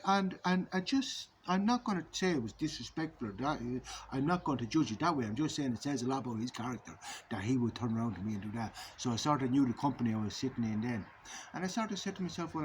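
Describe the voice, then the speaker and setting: Middle aged guy rambling on, swears a lot, sure of himself, bit of faint background hum. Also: mid-range voice. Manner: swearing, philosophizing, self-assured. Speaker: vlogger. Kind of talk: rambling monologue.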